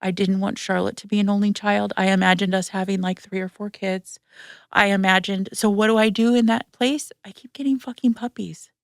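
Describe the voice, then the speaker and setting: In a dry, clean studio recording, a woman podcaster tearfully retells a personal story, swearing and using many fillers in candid chat. Her mid-range voice is clear and resonant with vocal fry, delivered flatly and fairly quickly.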